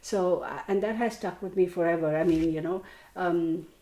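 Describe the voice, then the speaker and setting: A woman's voice: on the low side, moderate pace, mellow, roomy sound. A woman hosting a tarot channel, chatting casually to her viewers with lots of fillers and restarts. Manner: rambling, many fillers and restarts. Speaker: tarot reader and channel host.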